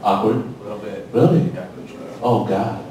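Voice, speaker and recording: A young man in his twenties rambling through a profane stand-up set, a little tipsy, his pitch swinging up and down as he talks. The club sounds very echoey and he is heard from a distance across the room. A crowd murmurs and reacts clearly behind him. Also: expressive, moderate pace, background noise. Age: 20s. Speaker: stand-up comedian. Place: comedy club stage. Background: audience reactions.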